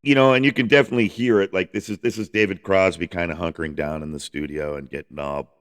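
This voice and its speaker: A man's voice: low voice, fairly even intonation, quick pace. A man hosting a casual music podcast, rambling enthusiastically with lots of restarts and the odd swear. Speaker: podcast host.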